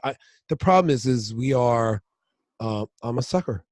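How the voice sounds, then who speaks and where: A middle-aged podcast co-host with an expressive, medium-pitched, darkish voice speaks at a moderate pace, with no room sound. In casual chat, he rambles through family stories and acts out what people said.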